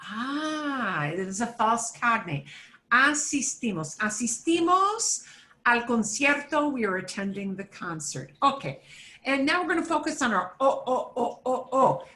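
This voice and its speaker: A woman teaching a beginner Spanish class, slowly sounding out each word for her students to repeat. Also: fairly high pitch, sing-song, sharp tone. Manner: slow, drawn-out modeling of words for students to repeat. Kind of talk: beginner language lesson.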